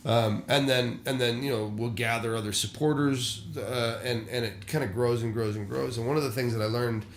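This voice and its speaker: Gravelly man telling candid church stories. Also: mid-range voice, fairly even intonation, moderate pace, hardly any pauses, a little hiss or hum. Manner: candid storyteller, acts out quoted voices. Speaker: church worship leader. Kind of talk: casual podcast conversation. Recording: roomy echo.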